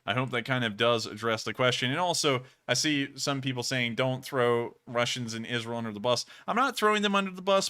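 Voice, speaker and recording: Male live-stream news host, earnest and rambling, bright, crisp voice. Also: medium pitch. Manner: earnest, talks in long run-on explanations.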